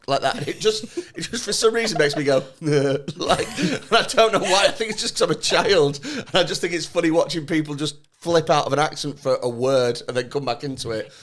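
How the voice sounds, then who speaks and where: A man's voice: a little high, expressive, brisk, hardly any pauses, fairly bright tone. A man with a Northern English accent, co-hosting a podcast in casual, sweary, joking chat. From Northern England. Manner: sweary, jokey, mimics accents. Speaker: podcast co-host.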